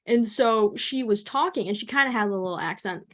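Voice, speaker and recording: A woman with a Chicago accent, chatting in a lively, laughing way as a podcast host. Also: medium pitch, brisk. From Chicago area, USA. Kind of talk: casual interview chat.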